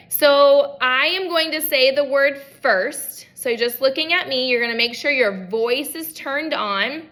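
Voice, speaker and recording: Her voice sits high, bright and forceful as this young adult speech language pathologist guides children through practice at home. She says each word slowly and clearly so they can follow.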